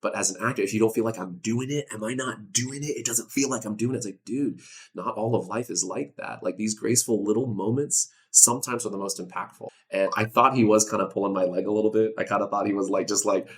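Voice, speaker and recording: A young man talks casually as a guest in an interview. His voice sits very low, and he speaks loosely, full of dude and man, with bursts of excitement. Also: fast. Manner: animated, laid-back, says dude and man a lot. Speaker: voice actor guest.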